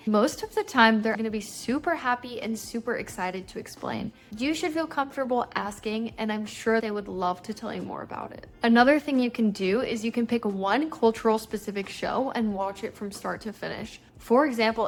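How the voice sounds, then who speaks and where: A young adult woman, a native English speaker, teaching an English lesson to learners in an upbeat, encouraging way. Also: a little high. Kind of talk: YouTube language lesson.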